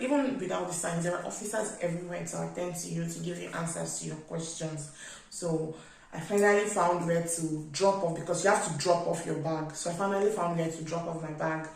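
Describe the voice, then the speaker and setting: A young woman with a Nigerian English accent recounts her trip in a chatty, animated vlog style, leaning on filler words as she goes. Her voice sits fairly low, and she talks from some distance to the mic in a very echoey room. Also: gravelly. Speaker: vlogger. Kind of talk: casual storytelling.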